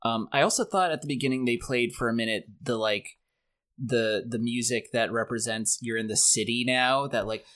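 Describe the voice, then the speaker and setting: Male podcast co-host, bright tone, animated and profane, casual banter. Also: medium pitch, normal speed. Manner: animated, joking, swears freely. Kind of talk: casual film discussion chat.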